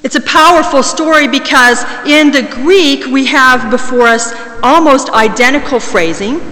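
A woman preaching a sermon in a large church, measured and slowing down to stress key words. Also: high voice, pushed and bright. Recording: long reverb of a large church.

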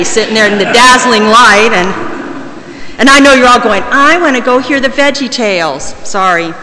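A woman preaching a sermon in a large church, measured and slowing down to stress key words. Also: a little high. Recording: long reverb of a large church.

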